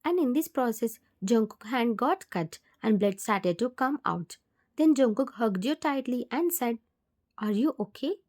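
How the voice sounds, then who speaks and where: A woman narrating a second-person fan-fiction story in a plain, steady reading voice. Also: fairly high pitch, measured pace.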